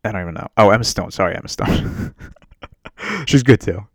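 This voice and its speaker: Male podcast host, low voice, dry close mic; crude, rambling, self-mocking casual rant. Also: big pitch swings, normal speed, no room sound. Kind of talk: casual profane movie rant. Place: home setup while on a muted work meeting.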